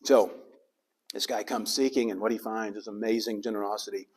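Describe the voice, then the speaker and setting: A man's voice: on the low side, fairly even intonation, a little fast. A middle-aged man preaching a sermon as pastor. He acts out the lines of the people in the story with dramatic swings.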